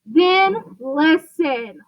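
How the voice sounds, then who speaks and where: A woman's voice: very high-pitched, big pitch swings, moderate pace, lo-fi sound, voice pushed up. A woman reading aloud, voicing an exasperated middle-aged man who insists on explaining his pet penguin. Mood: insistent. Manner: insistent, increasingly outraged.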